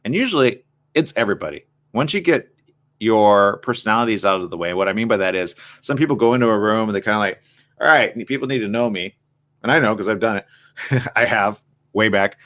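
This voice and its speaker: Speaking a little fast in a fairly low, fairly bright voice, a man hosting a morning show reflects openly on personal matters, leaning often on rhetorical questions.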